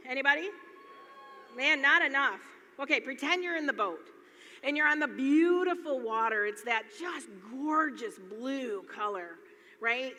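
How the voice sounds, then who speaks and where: A woman's voice: sits high, pushed and bright. A middle-aged woman from Michigan telling rambling, chatty stories to a live audience from a stage, laughing often and looping back with "anyway.". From Michigan, USA. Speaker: speaker at a business event. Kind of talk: casual storytelling talk to a live audience. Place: large hall before an audience. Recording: echoey hall, faint noise.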